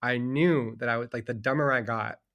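A man's voice: medium pitch, moderate pace, fairly bright tone. A middle-aged man, a children's book author, chatting casually as a guest, rambling and chuckling with lots of "like" fillers. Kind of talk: casual conversation about books.

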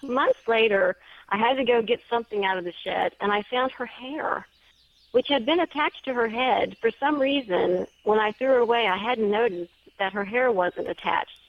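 A woman's voice: on the high side, moderate pace. A woman author telling a story as an interview guest, chatty and earnest. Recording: dull dry lo-fi sound.

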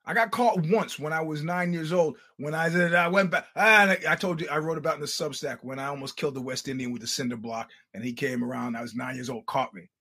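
An older man hosting a podcast, telling stories in a casual, animated, profane way with laughing asides. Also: fairly high pitch, slightly rough. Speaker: podcast host. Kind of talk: casual storytelling monologue.

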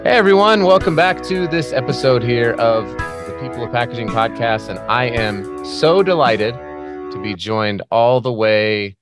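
A man's voice: medium pitch, over music. Joking American man hosting a podcast. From United States. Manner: upbeat, joking, quick asides. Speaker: podcast host. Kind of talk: casual interview chat.

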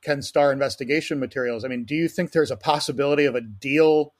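Male podcast host, mid-pitched, hesitant interviewer with lots of fillers. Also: steady tone, quick pace. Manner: hesitant, filler-heavy questioning. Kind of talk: interview questions.

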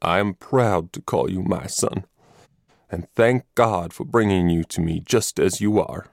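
A man voicing a stern, grieving middle-aged army colonel in a storybook reading, grave and measured. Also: low voice, gravelly, no echo, clean studio sound. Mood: tender.

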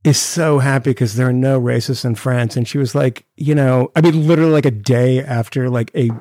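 A man's voice: mid-range voice, a little fast, dry recording, studio quality. A man co-hosting a podcast, talking in a sarcastic, mocking way and ranting with energy. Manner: sarcastic, mocking, animated rants. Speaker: podcast co-host. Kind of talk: casual chat.

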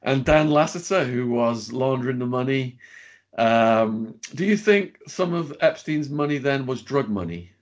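A man's voice: mid-range voice, animated, unhurried. A man on a video call, asking direct, probing questions in casual conversation. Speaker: podcast host. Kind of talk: casual interview talk.

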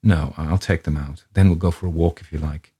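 A weary male writer in his forties, tired of his craft and prone to grumbling, as a man reading the story gives him voice. The voice sits deep and dark with a husky edge. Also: steady tone, a little fast. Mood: polite. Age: 40s. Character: weary middle-aged male writer, petulant.

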